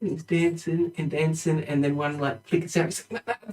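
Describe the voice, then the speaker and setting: A man narrating as dungeon master, telling scenes in a loose, joking way with quick acted bits. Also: on the high side, darkish tone, distant mic, poor audio. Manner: loose, joking storyteller who jumps into voices. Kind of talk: narrating a tabletop game.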